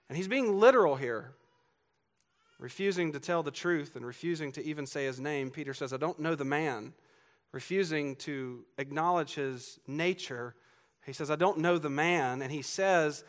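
A man's voice: fairly high pitch, normal speed, a bit bright. A man preaching a sermon from Georgia with a faint Southern accent, earnest and emphatic, building on repeated lines and turning to the congregation with asides. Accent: Southern US, faded. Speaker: pastor. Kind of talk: expository sermon.

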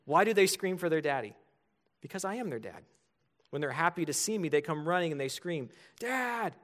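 A man's voice: a little high, animated, a little fast, fairly bright tone. A man in his thirties preaching a sermon as pastor, earnest and building to emphatic points.

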